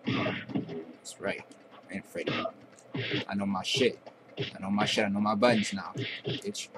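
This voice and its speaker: Low-voiced man trash-talking over gameplay. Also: measured pace, heavy background noise. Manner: profane trash talk. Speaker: gameplay commentator. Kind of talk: casual gameplay commentary.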